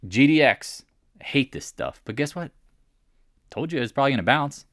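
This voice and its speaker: A man talking through market charts in a blunt, mocking way, full of rhetorical questions. His voice sits at a middle pitch, and it is recorded close and dry with no room sound. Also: expressive, brisk, a bit bright, no echo. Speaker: market commentator. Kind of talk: casual chart commentary.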